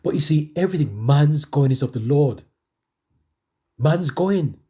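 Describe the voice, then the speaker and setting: A man's voice: fairly high pitch, animated, measured pace, mellow. A middle-aged man preaching a testimony sermon, conversational and emphatic, repeating phrases for emphasis.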